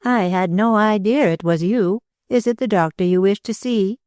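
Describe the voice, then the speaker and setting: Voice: medium pitch, normal speed, a little mellow, clear, resonant tone, dry recording, pitched above the performer's own voice, lightly acted. A narrator voicing a fussy, flustered older housekeeper in an audiobook, in a raised, politely anxious voice. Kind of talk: audiobook character reading.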